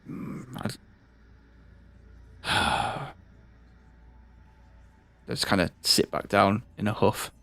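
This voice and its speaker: Low-voiced man playing a tabletop game. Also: expressive, drawn-out words, long pauses, a bit bright. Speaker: player. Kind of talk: tabletop role-play.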